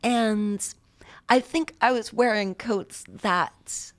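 A woman's voice: a little high, takes it slowly. A woman hosting a show, chatting casually and wryly with her co-host. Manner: chatty, wry and playful. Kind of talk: casual chat.

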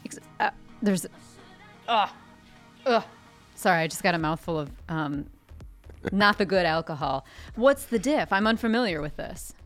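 A woman co-hosting a radio show in a studio, chatting casually with dry, deadpan quips. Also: on the low side, normal speed, soft background music. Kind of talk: casual banter.

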